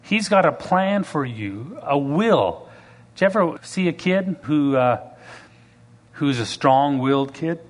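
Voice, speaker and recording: A man's voice: on the high side, slow pace. A man preacher delivering a sermon, telling stories and acting out the people in them, building to emphatic, rising passages. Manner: animated, rising to emphatic preaching with acted-out quotes. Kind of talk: sermon with storytelling.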